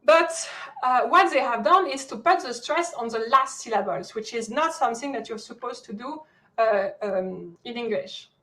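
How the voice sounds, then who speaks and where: A woman's voice: fairly high pitch, lively intonation, moderate pace, fairly bright tone, low-quality recording. A woman from France with a French accent, giving an academic lecture over a video call, often searching for words. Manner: many fillers and restarts, searching for words. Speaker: guest lecturer.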